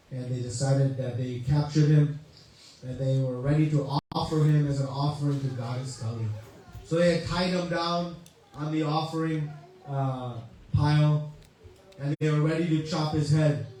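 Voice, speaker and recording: A man's voice: on the high side, dark tone, slight background noise. A man, a spiritual teacher, giving a conversational sermon with a story. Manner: conversational, uses many "you know" asides. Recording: echoey hall, mic far off, faint ambience.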